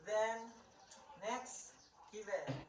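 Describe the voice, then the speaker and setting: A woman teacher talks slowly and patiently to her class, repeating each word for the children. She is heard from a distance in an echoey classroom, with the chatter of children all around. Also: mid-range voice, expressive. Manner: slow and patient, repeats words for students. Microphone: distant camera.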